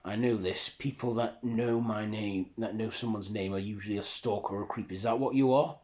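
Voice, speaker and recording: A man voicing a wary, sharp-tongued young woman who works as a nurse, talking quick and guarded. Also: lowish voice, fairly even intonation, close to an everyday voice. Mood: defensive.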